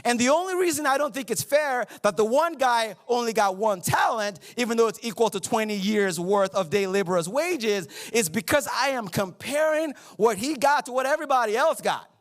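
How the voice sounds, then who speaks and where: A man's voice: very high-pitched, normal speed, hardly any pauses, fairly bright tone. A man preaching a sermon as pastor, playful and joking with the congregation in a church auditorium.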